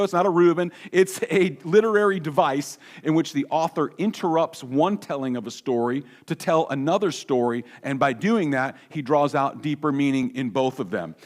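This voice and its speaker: A middle-aged man preaching a sermon in church, earnest with touches of humor and dramatic pauses while reading scripture. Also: fairly high pitch. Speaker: pastor. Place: church sanctuary.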